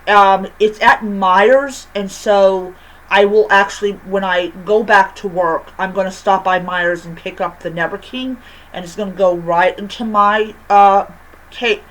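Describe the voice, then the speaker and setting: A woman's voice: medium pitch, fairly bright tone, poor audio. A woman chatting through a book review in an easygoing, rambling way. She talks in loose runs and restarts her sentences often. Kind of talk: casual book review vlog.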